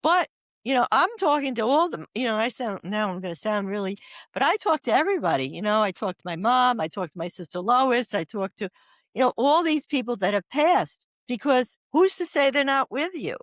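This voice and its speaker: A woman's voice: a little high, big pitch swings, a little fast, a bit bright, no echo, clean studio sound. An older woman, an oncology doula, talking as a guest on a podcast. She wanders through stories and anecdotes in a casual, earnest way. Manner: rambling, anecdotal storyteller.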